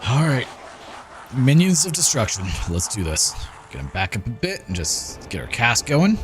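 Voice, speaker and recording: A man's voice: mid-range voice, sing-song, moderate pace. Chatty male gaming streamer. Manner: chatty, reacting aloud to the game. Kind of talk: casual live gameplay commentary. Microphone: desk microphone. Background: game music.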